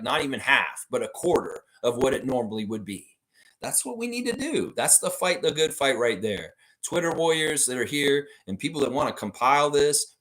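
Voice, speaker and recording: A man hosting a fan live stream, reading viewers' comments aloud and riffing on them in a playful, animated way, often repeating short phrases for emphasis. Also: medium pitch. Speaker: fan show host reading live chat. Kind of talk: casual live-stream chat.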